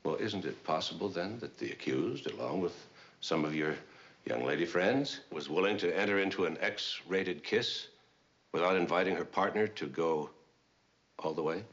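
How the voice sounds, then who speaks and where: An actor playing a Navy defense lawyer who questions a witness calmly and shrewdly. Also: male voice, low voice, normal speed. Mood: probing. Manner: calm and probing. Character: calm, shrewd male naval commander. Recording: dull old TV sound.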